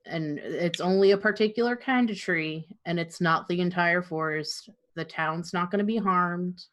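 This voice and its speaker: A woman's voice: lowish voice, moderate pace, fairly bright tone. Insistent woman player explaining. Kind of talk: casual tabletop play.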